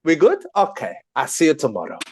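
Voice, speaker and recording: A man's voice: on the high side, huge pitch swings, brisk, slight background noise. A man putting on a cheerful adult male kebab-shop worker with a Turkish accent and broken English. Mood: cheery. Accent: put-on Turkish. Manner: loud, sing-song, friendly broken English.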